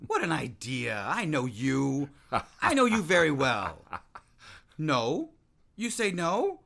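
An actor playing a restless, talkative man-about-town who gets excited and trips over his own words. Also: fairly high pitch, takes it slowly, vocal fry, heavily acted. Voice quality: voluble and excitable, with frequent restarts. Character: restless, voluble man-about-town, nervous and self-mocking. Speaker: actor in a play. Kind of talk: theatrical stage-play acting.

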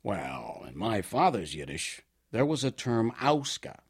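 A man with a slightly husky voice performs a comic monologue about his childhood. His delivery is wry and mock-grand, and his pitch leaps up and down. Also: big pitch swings, unhurried.

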